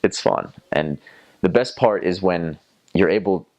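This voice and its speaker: A man's voice: sits low, measured pace, a little mellow, highs cut off. A young man from North Carolina with a Southern American accent, chatting casually about his time as a missionary and slipping into playful accent imitations. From North Carolina, USA. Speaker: returned missionary. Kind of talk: casual storytelling.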